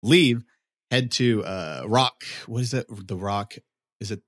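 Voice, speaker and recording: Lively storytelling man with a low voice. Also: takes it slowly. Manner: animated, acts out quotes in a raised voice, swears, laughs often. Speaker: podcast co-host telling a story. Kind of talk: casual storytelling chat.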